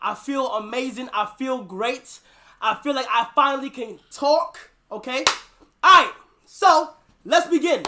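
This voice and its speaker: A man's voice: extremely high pitch, measured pace, noisy background. A man on a played livestream clip, addressing his viewers in a repetitive, self-assured way.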